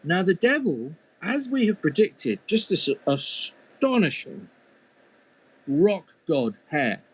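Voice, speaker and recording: A man's voice: sits high, very animated, takes it slowly, husky. A man telling a folk tale as a storyteller, playful, with humorous asides. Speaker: storyteller and mythologist.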